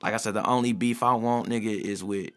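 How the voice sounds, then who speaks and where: A man talking casually on a podcast, laid-back and profane, often slipping into animated quoted voices. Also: fairly low pitch, fairly quick.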